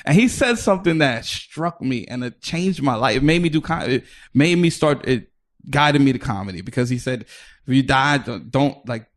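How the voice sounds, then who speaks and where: A man's voice: mid-range voice, expressive, moderate pace. A man from the Bronx, a comedian, telling a long casual story as a podcast guest. He swears freely, restarts his sentences, and acts out other people's lines. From New York, the Bronx.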